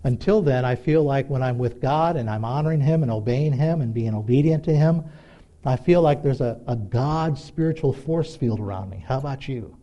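A middle-aged man preaching a sermon in a conversational, animated way, acting out little dialogues. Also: medium pitch, moderate pace, lo-fi sound. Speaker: pastor.

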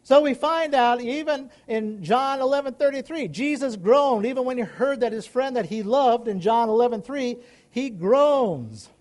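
A man's voice: very high voice, lively intonation, normal speed, darkish tone. A middle-aged male pastor preaching a sermon, rising into emphatic calls and questions to the congregation.

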